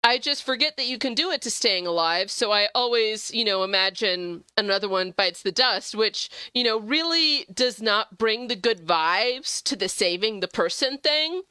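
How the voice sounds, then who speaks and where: A young woman streaming a game, chatting with viewers in a bubbly, gushing way, jumping high when excited. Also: moderate pace, few pauses, clear, resonant tone, no echo. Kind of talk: casual gameplay stream chat.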